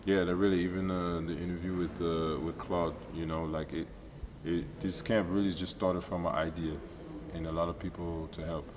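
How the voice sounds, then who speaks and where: A man's voice: sits low, normal speed, few pauses. A man, a basketball camp organizer, trading teasing banter in an interview and talking over his partner. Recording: echoey hall with steady background noise.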